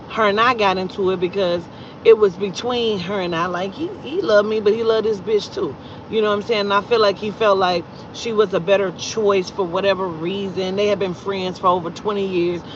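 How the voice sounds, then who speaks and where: A woman casually telling a story from her own life, swearing constantly and breaking into loud, exasperated outbursts. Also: mid-range voice, muffled recording, slight background noise. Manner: profane, animated retelling with loud exasperated outbursts.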